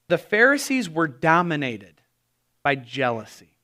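A man preaching a sermon as pastor, animated and acting out the voices he quotes. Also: fairly high pitch, measured pace.

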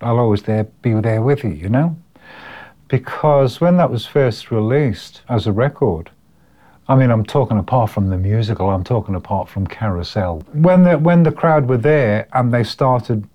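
A man's voice: mid-range voice, expressive, moderate pace, mellow. Older Liverpool man reminiscing. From Liverpool, England. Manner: chatty and reminiscing, chuckles often, repeats words. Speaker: guest musician. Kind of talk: casual interview storytelling.

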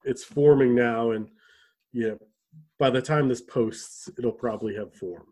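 A man co-hosting a casual podcast chat, rambling with restarts and throat clearing. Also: mid-range voice, measured pace, darkish tone. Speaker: podcast co-host.

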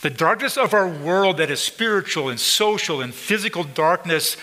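A man's voice: a little high, animated, normal speed, pushed and bright, big-room sound, poor audio. A man preaching a sermon to his congregation, emphatic and repetitive, pointing out people in the room. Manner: emphatic preaching, repeats phrases, addresses congregation directly. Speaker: pastor. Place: church sanctuary.

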